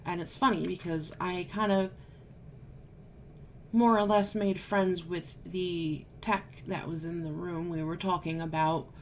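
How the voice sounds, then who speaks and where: A woman's voice: lowish voice, steady tone, unhurried, slight background noise. A woman vlogger telling a story casually to camera, chatty and sarcastic, still a bit unwell.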